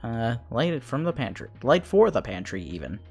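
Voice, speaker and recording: A man's voice: medium pitch, sing-song, moderate pace, vocal fry, a little mellow, husky, faint music behind. A man streaming a game live, chatting casually and reading the on-screen text aloud with frequent laughs.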